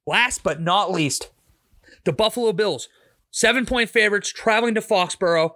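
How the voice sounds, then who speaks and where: A man's voice: high-pitched, normal speed, bright, forceful tone. A man from Pittsburgh with a Pittsburgh accent, a podcast host giving blunt, opinionated football picks and swearing freely. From Pittsburgh, USA. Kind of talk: casual sports betting commentary.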